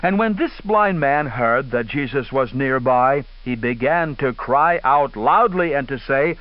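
A man preaching a radio sermon in an earnest, emphatic way with dramatic pauses. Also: medium pitch, lively intonation. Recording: dull lo-fi radio broadcast.

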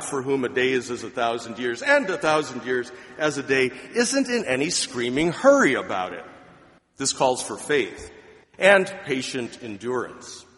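A man preaching a sermon, emphatic, swinging between loud declarations and quiet asides. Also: mid-range voice, big-room sound. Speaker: pastor.

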